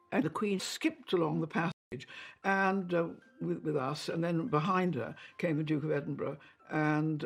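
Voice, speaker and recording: An older woman recalling old memories in an interview, chatty and anecdotal, with fillers and soft laughs. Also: sits low. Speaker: interviewee, former lady-in-waiting. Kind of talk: reminiscing in an interview.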